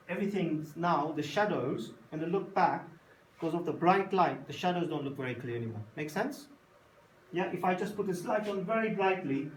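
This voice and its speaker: Man lecturing a class in an echoey room. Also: fairly high pitch. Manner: storytelling, acts out voices, checks understanding often. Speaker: teacher. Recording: echoey room from a distance, faint noise.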